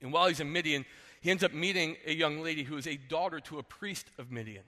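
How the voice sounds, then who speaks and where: A male pastor preaching to his congregation with a bright, forceful voice that rings with a long hall reverb. He tells the story in an animated way and often checks in with "right?". The pitch sits a little high for a man. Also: quick pace. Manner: animated, acts out characters, asks "right?". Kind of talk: sermon storytelling. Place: church sanctuary.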